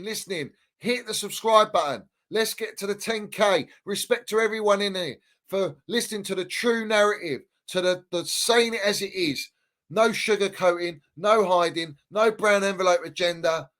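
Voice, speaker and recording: A man's voice: sits high, fairly bright tone. A man hosting a fan channel livestream, ranting heatedly in slang and repeating himself. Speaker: football fan channel host.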